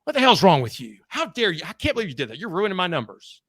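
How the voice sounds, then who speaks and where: A brash, blustery fishing guide who barks blame at anyone who misses a fish, as a man puts him on. He has a slightly high voice and a pushy, loud delivery. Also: wildly swooping pitch, fast talker, slightly rough, no echo, studio quality, exaggerated voice. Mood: scolding. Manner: blustery, blaming.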